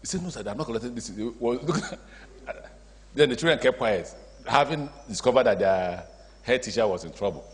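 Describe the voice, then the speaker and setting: Speaking as a state governor, a man with a Nigerian accent gives a public speech, telling stories, acting out the dialogue and throwing in animated asides. His mid-range voice moves at normal speed, and a long hall reverb surrounds it.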